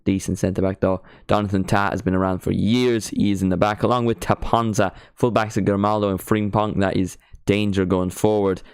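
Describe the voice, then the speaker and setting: A man's voice: fairly low pitch, level tone, fairly quick, hardly any pauses, clean tone, dry recording, clean studio sound. A teenage man from Ireland with an Irish accent, chatting casually and self-mockingly while hosting a football watchalong stream. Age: teens. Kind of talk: casual live-stream chat.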